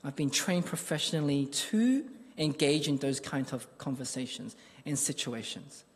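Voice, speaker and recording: A man's voice: mid-range voice, normal speed, big-room sound. A man preaching a sermon, telling a personal story in an earnest, conversational way.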